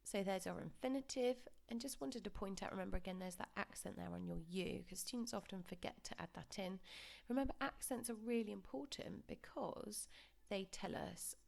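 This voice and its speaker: A woman teaching a lesson over slides, explaining pronunciation patiently and modelling words slowly for repetition. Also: mid-range voice, gravelly, darkish tone. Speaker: Spanish teacher. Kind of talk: recorded classroom lesson.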